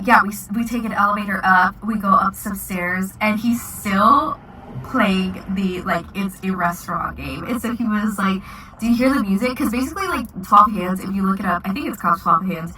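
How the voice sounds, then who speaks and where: Young woman, twenties, casual storytime vlog, bright tone, faint background hiss. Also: medium pitch, normal speed, far from the mic, low-quality recording. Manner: chatty, many "like" fillers, giggly. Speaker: vlogger.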